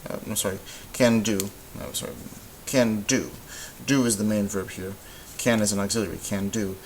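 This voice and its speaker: A man with a low voice talks through a recorded grammar lesson. He explains in a relaxed way, filling pauses with ums and uhs. A faint hiss runs under the recording. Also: low-quality recording. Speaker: Spanish teacher.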